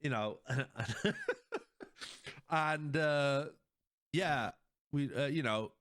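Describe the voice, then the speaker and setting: A man's voice: fairly high pitch, very slow, dry recording, studio quality. Chatty man hosting a podcast. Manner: animated retelling, laughs often, acts out quoted lines. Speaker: podcast host. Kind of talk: casual chat recapping episodes.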